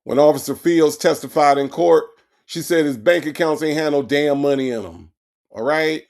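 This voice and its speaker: A man's voice: on the high side, normal speed, darkish tone. A man hosting a true-crime comedy podcast, delivering sarcastic, profane commentary and repeating his points for effect. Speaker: podcast host.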